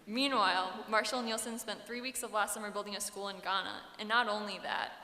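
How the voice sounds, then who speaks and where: Bright-voiced teen girl, echoey hall. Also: mid-range voice, fairly even intonation, a little fast. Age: teens. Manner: earnest, self-deprecating, upbeat. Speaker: salutatorian giving graduation speech. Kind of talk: prepared commencement speech. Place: large hall. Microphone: podium microphone. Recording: echoey hall with long reverb.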